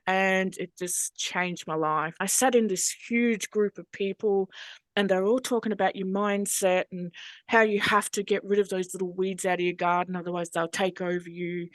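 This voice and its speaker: An Australian woman, a hypnosis trainer, telling her personal story as a podcast guest in a frank, earthy, animated way. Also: mid-range voice, no echo.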